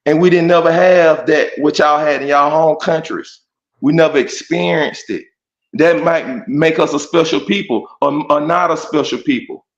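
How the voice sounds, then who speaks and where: A man's voice: a little high, normal speed. Insistent man in echoey lo-fi audio. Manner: insistent, repeats words, keeps saying he is being respectful. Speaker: debate participant. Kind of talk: heated debate.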